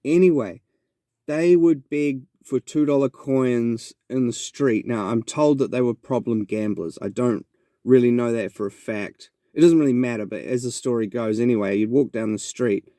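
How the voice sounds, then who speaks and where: A New Zealand man hosts a podcast, drifting through a rambling, reflective story in a casual monologue full of restarts. His mid-pitched, mellow voice moves at a normal pace, recorded clean in a studio with no room sound.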